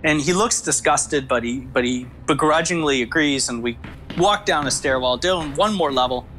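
A man, a former FBI agent, recounting his experience in animated storytelling, acting out the dialogue. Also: fairly high pitch, moderate pace, slight background noise. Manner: acts out quoted dialogue with lively shifts.

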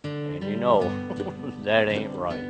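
A man's voice: on the low side, fairly even intonation, takes it slowly, over loud music. A man telling comic stories in a folksy, chuckling way with rural turns of phrase. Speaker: comedian and storyteller.

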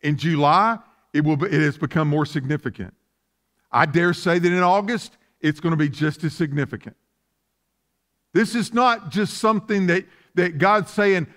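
A man's voice: fairly high pitch, moderate pace, fairly bright tone. A man preaching a sermon as pastor, asking fervent rhetorical questions.

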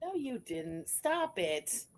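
A woman's voice: high voice, sing-song, slow. A woman streamer giving crude, mocking live reaction commentary, thanking super chats and often laughing.

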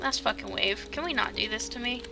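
Young female streamer, slightly high voice, panicky, profane gameplay commentary over music. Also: brisk, gravelly. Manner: swears, panics and shouts in bursts. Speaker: gaming streamer. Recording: music playing under the voice. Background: background music.

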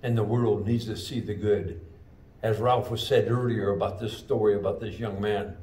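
A man preaching a sermon as pastor, with slow, emphatic delivery and drawn-out phrases. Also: on the low side, steady tone, a little mellow. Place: church sanctuary. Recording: echoey church room, mic at a distance.

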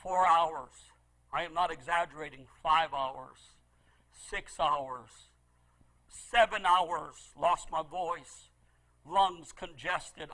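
A middle-aged male pastor preaches a sermon, telling a story with deep feeling. He swings between loud pleading and hushed, low asides, captured on a low-quality recording.

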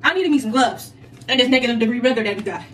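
A young woman hosts a casual haul vlog, chatting in slang directly to her viewers. Her voice is slightly high and fairly bright, and she talks in rapid-fire bursts. It sounds like a distant mic in an echoey room, with some faint noise.

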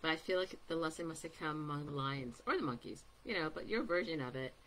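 Low-voiced woman rambling through a paint demo. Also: expressive, fast talker, a bit bright. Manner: chatty, rambling, many ums, giggles to herself. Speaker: artist giving a painting demo. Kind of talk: casual live art demonstration.

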